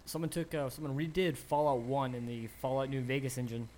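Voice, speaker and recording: Quick-talking hesitant man, faint noise. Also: medium pitch, little pitch movement, darkish tone. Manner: hesitant, restarts. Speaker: podcast panelist. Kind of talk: casual gaming chat among friends.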